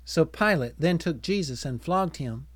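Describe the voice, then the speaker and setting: A man reads scripture aloud in a measured, deliberate narration. His voice sits slightly high for a man. The recording is dry and close, with no room sound. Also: expressive, a bit bright, no room sound. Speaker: scripture reader. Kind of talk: dramatized scripture reading.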